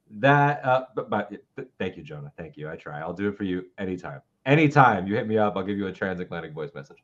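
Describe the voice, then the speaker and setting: A man's voice: lowish voice, expressive, moderate pace, highs cut off. Fired-up young man ranting on politics. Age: 20s. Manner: impassioned, profane ranting. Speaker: co-host. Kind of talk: live political talk show.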